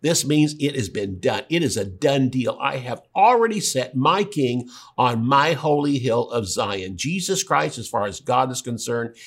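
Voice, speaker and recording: A man preaching a sermon in an animated way, acting out voices in his retelling. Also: mid-range voice, unhurried, husky. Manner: animated, acts out quoted dialogue.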